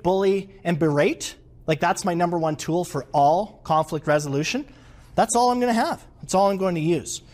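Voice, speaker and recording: Guy running a leadership workshop, high-ish voice, lively, keeps quizzing the crowd. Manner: animated, asks the audience questions. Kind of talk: interactive workshop talk. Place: room with a live audience.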